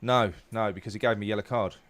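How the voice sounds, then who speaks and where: A man's voice: on the low side, steady tone, quick pace, a bit bright. A man hosting a casual football chat, stumbling over repeated words as he leads the discussion. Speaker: podcast host.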